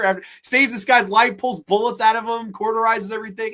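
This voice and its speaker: Profane, animated man recapping movies. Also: high-pitched, fast, few pauses. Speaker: podcast host. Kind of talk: casual movie chat.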